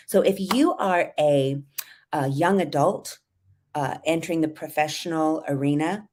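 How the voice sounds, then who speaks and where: A middle-aged woman coach with a trained, low-pitched voice. She talks lively and demonstrative, acting out sounds to teach. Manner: lively, demonstrative, exaggerates vocal fry and sung phrases to teach. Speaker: voice and confidence coach. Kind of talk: live coaching tips.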